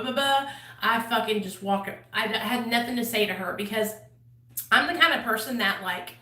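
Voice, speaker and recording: A woman's voice: fairly high pitch, bright, forceful tone. Blunt, foul-mouthed woman telling her story. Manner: blunt, heavy swearing, lots of fillers. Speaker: channel host sharing her recovery story. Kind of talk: casual storytelling to camera. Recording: echoey room, voice a bit far from mic.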